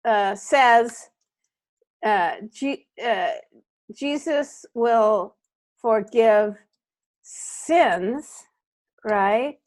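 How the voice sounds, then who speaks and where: Lady coaching a comedy student, talks slow, lots of ums and uhs. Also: fairly high pitch. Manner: halting, many fillers, laughs easily. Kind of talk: casual coaching.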